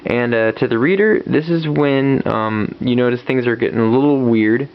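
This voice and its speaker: A man's voice: mid-range voice, moderate pace. A man casually reviewing a comic book, retelling the story with lots of fillers and restarts. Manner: rambling, many fillers and restarts. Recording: dull lo-fi recording.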